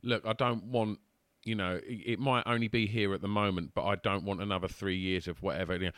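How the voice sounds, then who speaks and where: A man hosts a casual podcast chat, with a low voice that is bright and lively. He keeps restarting and repeating words as he feels his way into questions. The sound is dry and close. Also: no room sound. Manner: halting, repeats words while forming questions. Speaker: podcast host.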